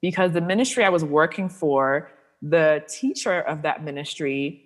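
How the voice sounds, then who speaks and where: A woman's voice: low-pitched, normal speed. A woman sexuality coach speaking candidly as an interview guest, animatedly acting out the voices of people she quotes. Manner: animated storyteller who acts out quoted voices.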